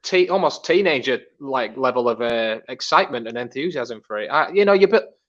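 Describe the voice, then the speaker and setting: A man's voice: mid-range voice, lively intonation, fairly quick, fairly bright tone, highs cut off. A man, a guest musician rambling in casual chat.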